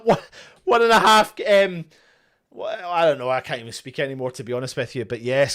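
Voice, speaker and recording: This young man hosts a live football watchalong, doing low-key play-by-play that bursts into excited shouting and chanting. His voice sits high for a man, and he talks casually to his viewers. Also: brisk. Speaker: fan watchalong host. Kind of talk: live fan match commentary.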